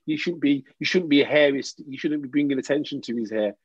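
A man's voice: fairly high pitch, quick pace, husky, no room sound. A man in casual chat, talking animatedly with lots of restarts and jokes. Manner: animated, restarts often, jokey. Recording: dull lo-fi dry sound.

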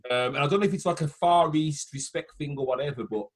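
Animated high-voiced English man. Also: quick pace, breathy edge. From England. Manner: animated, excitable. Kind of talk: casual chat.

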